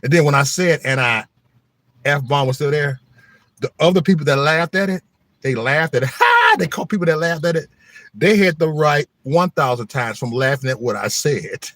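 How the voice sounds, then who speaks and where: A man's voice: fairly high pitch, normal speed, a bit bright, no room sound. A middle-aged man hosting his own channel, telling rambling school stories in a slangy, joking way. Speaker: channel host. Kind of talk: casual storytelling monologue.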